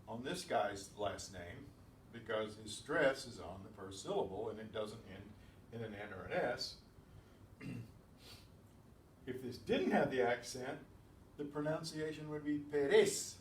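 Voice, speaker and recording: A man teaching a beginners' language class, explaining patiently and answering his own questions. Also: medium pitch. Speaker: Spanish teacher. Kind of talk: classroom lesson. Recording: echoey room, distant mic, faint noise.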